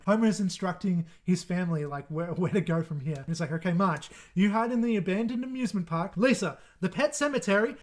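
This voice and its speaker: A man with a rather high voice talks through his favorite episodes alone, in a casual and eager way. He laughs often and trips over his words, restarting sentences as he goes. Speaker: video host ranking episodes. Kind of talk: casual solo commentary.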